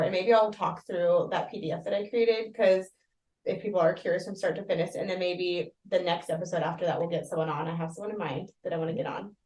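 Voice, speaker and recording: Woman, mid pitch, lively casual chat, roomy sound, a bit off-mic. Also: far from the mic. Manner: lively, laughs often. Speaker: podcast co-host.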